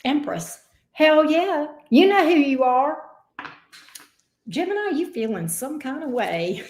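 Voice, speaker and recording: Speaking slowly in a high, very animated voice with a darkish tone, a woman reads tarot live. She chats teasingly and exclaims to her viewers, swearing casually, in an echoey room.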